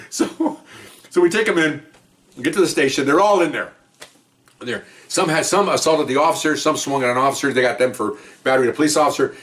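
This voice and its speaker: An older man, a retired police officer, telling a rambling, animated story about his early days on the job. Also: mid-range voice. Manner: rambling, animated, acts out quotes. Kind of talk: casual storytelling.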